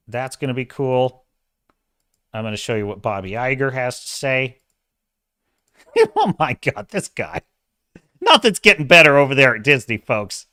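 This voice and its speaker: A man's voice: mid-range voice, sharp tone, clear, resonant tone, no echo, studio quality. A man hosting a casual commentary show, ranting in an emphatic, exasperated way. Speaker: host.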